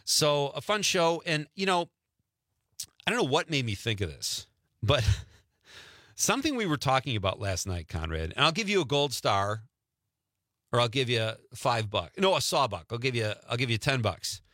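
A lively man in his fifties hosting a radio talk show, his voice bright and swinging up and down as he chats. He is from Wisconsin, laughs easily, and sounds close and dry on a studio mic. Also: mid-range voice, normal speed, dry recording. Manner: chatty, animated, laughs often.

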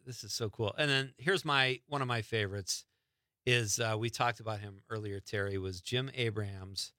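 Male radio host, casual rambling chat, bright tone, dry studio mic. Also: on the low side, normal speed, dry recording. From Wisconsin. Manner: chatty, rambling name-dropping.

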